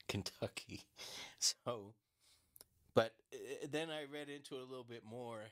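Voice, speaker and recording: A man's voice: medium pitch, a bit bright. Rambling man chatting casually, frequent filler words. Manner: rambling, many fillers and restarts, laughs often; blunt, swears casually. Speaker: true-crime commentator. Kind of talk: casual solo commentary.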